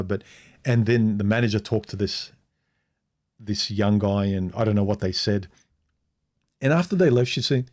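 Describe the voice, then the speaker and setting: A middle-aged man talks on a casual livestream, telling a personal story in a frank, loose way. His pitch sits in an ordinary middle range, and he keeps doubling back and restarting his sentences as he goes. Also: expressive, normal speed. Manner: rambling, frank, restarts often and acts out quoted speech. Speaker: vlogger.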